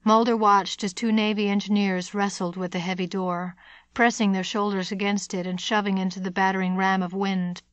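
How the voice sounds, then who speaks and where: A woman narrates a thriller audiobook in a measured, steady way, at a mid pitch. Her close studio mic gives a dry sound with no room in it. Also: dry recording.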